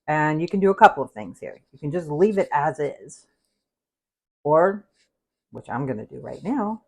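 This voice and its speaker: A woman hosting a casual cooking livestream from a home kitchen, chatty and rambling, with easy laughs and side stories as she talks through a recipe. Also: low voice. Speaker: cooking show host.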